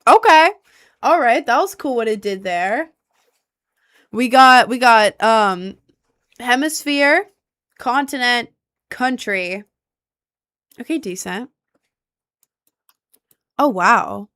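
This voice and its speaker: Unhurried young woman thinking aloud. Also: a little high, lively intonation, a bit bright, dry recording, studio quality. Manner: thinking aloud, asks chat for help. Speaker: streamer. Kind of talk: casual gameplay commentary.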